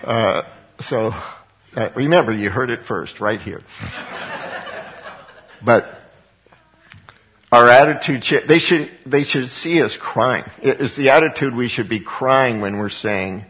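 A man's voice: medium pitch, measured pace, slightly rough, muffled recording. A man preaching a sermon, reading scripture aloud and explaining it in a conversational way, with frequent fillers and repeated words, rising to emphatic passages.

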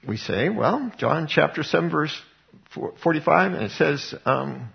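A man's voice: a little high, expressive, unhurried, vocal fry, dull audio. A man preaching a Bible teaching sermon, retelling scripture as conversational storytelling. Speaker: pastor.

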